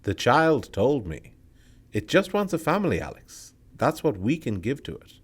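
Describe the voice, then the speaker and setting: A man's voice: mid-range voice, big pitch swings, moderate pace, breathy edge, voice pushed up. A man voicing an eerily friendly male stranger in a forest, with a small voice that falls at the ends. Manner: small, soft voice with a falling lilt.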